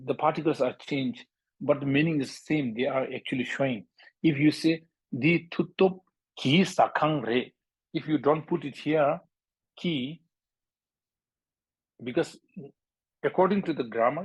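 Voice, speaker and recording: A man from Bhutan teaching a language lesson, speaking halting English, repeating words and drilling sounds aloud. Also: a little high, darkish tone, breathy edge, dry recording, poor audio.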